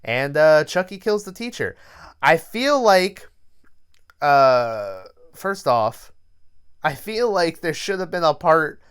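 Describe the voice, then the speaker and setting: A man's voice: on the high side, very animated, slow pace, fairly bright tone, clear, resonant tone. A young man, a podcast co-host, telling long rambling stories with lots of fillers and swearing in casual movie chat.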